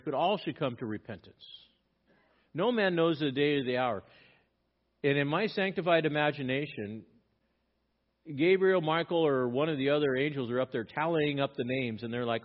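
A male pastor preaching a sermon, reading scripture aloud and pressing his points with emphatic rises in volume. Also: on the high side. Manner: emphatic, rising in volume when stressing points. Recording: dull lo-fi sermon recording.

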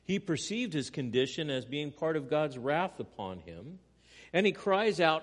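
A man's voice: on the high side, sing-song, a little slow, long reverb tail. Man preaching an earnest sermon. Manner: earnest preaching with dramatic swings in volume. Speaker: pastor.

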